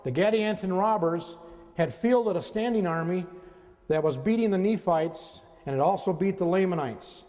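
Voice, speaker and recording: A man's voice: sits high, normal speed, a little mellow. A man giving a slide lecture to an audience in a conversational way, often turning to the listeners with questions. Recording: long reverb of a hall.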